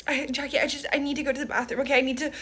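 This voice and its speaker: A woman's voice: sits high, flat delivery, racing, a bit bright. Woman voicing a stammering timid coworker. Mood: panicked. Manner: stammering, nervous.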